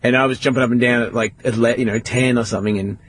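A man's voice: medium pitch, fast, slight background noise. A man, casually telling a story on a podcast and swearing often. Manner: swearing often, animated retelling.

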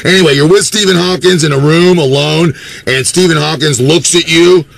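A man co-hosting a call-in radio show, handing out loud, emphatic verdicts. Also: a little high, normal speed, creaky, a little hiss or hum.

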